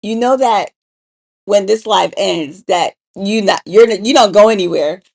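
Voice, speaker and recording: A woman with a slightly gravelly, fry-touched voice, chatting casually on a livestream with her partner. She teases him playfully and laughs easily, at a middling pitch. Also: a little slow, a little mellow. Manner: teasing, playful, laughs often. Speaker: co-host. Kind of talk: casual couple chat on a livestream.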